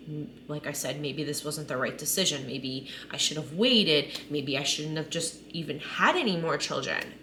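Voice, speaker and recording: This thirty-something mother talks candidly and emotionally to camera, recounting her story in a vlog monologue full of "like" and "right?". She has a low voice with a fairly bright tone, over a faint hiss or hum.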